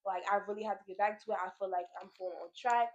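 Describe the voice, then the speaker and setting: A young woman telling a personal story in a casual chat with her sister at home, animated and laughing often. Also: mid-range voice, very fast, lo-fi sound. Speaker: vlogger, big sister. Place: home, pajama night.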